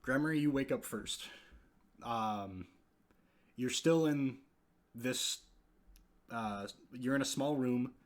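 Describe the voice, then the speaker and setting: A man's voice: mid-range voice, slow pace, long pauses. A man narrating a tabletop game as game master, hesitant and full of filler words.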